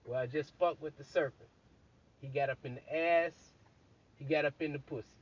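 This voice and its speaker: A man's voice: a little high, fairly even intonation, normal speed, dull audio, close to an everyday voice. A man quoting Eve as a brash, crude, street-talking woman in his own voice.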